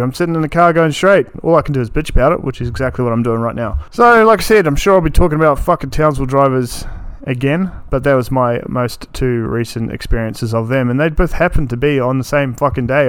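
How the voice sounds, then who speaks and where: A man's voice: medium pitch, smooth, no echo. A man in his thirties, from New Zealand, hosting a solo podcast in a blunt, sweary, ranting way. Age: 30s. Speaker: podcast host.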